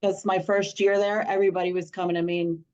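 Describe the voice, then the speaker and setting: Animated woman telling a story over a lo-fi call. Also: mid-range voice, fast talker. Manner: animated storyteller, laughs often. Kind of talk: casual video call chat. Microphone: video call. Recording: dull lo-fi call audio.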